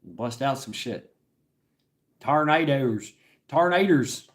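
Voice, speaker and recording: A man's voice: mid-range voice, expressive, measured pace. A middle-aged man livestreaming in a casual, rambling chat. He laughs often and swears freely.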